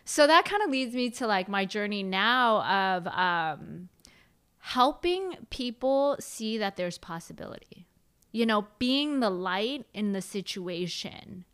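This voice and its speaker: A woman's voice: mid-range voice, slow, clean tone. Chatty young woman coach. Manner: chatty, frequent "like" fillers, animated. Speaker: life coach guest. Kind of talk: casual interview chat.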